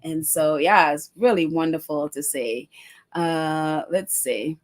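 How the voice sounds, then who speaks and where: A woman hosting a casual livestream, chatting warmly and reading out viewer comments with many fillers. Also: sits low, slow pace. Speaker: livestream host.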